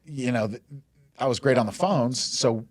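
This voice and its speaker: Telling stories in a casual interview, a Denver man in his forties who works as a mortgage lender rambles, laughs easily, and fills his speech with "like" and "you know." He has a mid-range voice at normal speed, in clean studio sound with no echo.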